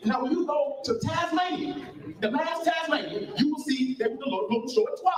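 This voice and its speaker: A man's voice: very high-pitched, lively intonation, a little fast. A man in a heated online debate, ranting with passion and frequent swearing as he argues his point. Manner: impassioned, profane ranting. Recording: echoey, distant from the mic.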